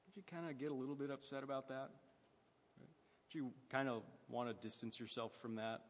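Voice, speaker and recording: A man's voice: medium pitch, fairly even intonation, a little fast, long reverb tail. A man preaching a sermon in a conversational way, asking his listeners questions.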